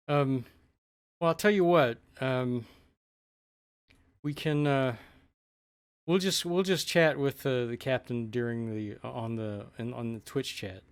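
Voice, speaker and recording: A man's voice: mid-range voice, smooth. A man co-hosting a live stream, chatting casually and laughing while cartoons play, with many fillers and restarts. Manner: laughs often, halting with fillers. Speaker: podcast co-host. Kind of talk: casual chat over cartoons.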